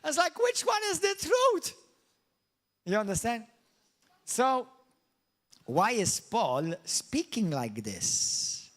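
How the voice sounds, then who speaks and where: Middle-aged guy from malta preaching in church, pretty high voice, animated, keeps asking the crowd questions. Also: slow. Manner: animated, swings into high mock voices and asks the congregation questions. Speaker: pastor. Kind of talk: sermon. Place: church hall.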